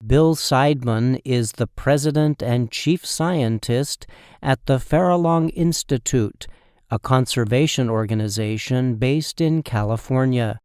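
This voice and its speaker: A male reporter narrating a scripted news report in a measured way. His voice is smooth and resonant, recorded dry and close. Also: mid-range voice, darkish tone, no room sound.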